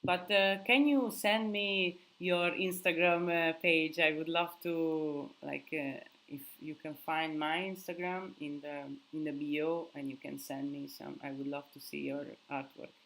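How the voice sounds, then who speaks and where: A woman's voice: low voice, fairly even intonation, unhurried, hardly any pauses, fairly bright tone, rough recording. A sleep-deprived young woman hosts a casual live Q&A. She answers viewer questions, thinking aloud and hunting for words.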